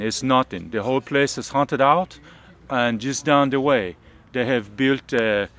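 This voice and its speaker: A man's voice: medium pitch, fairly bright tone, close to an everyday voice. A man playing an aggrieved eighteenth-century French trapper who speaks broken English with a French accent and keeps adding huh and eh, recorded outdoors.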